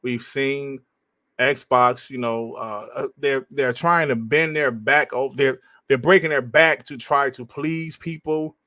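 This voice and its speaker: A man's voice: mid-range voice, fairly even intonation, a little slow, sharp tone, dry recording, studio quality. A man hosting a casual gaming podcast over a call, loose and profane, often calling others bro. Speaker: podcast host. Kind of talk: casual chat.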